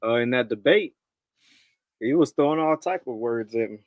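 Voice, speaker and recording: A man's voice: mid-range voice, lively intonation, moderate pace, no echo, lo-fi sound. Plain, matter-of-fact man, dry sound. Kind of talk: casual chat.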